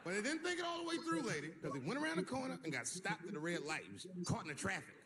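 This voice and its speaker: Male stand-up comedian, high-ish voice that jumps around a lot, live stage mic with audience noise. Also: very fast. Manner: animated storytelling, acts out the people in his story. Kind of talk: stand-up routine.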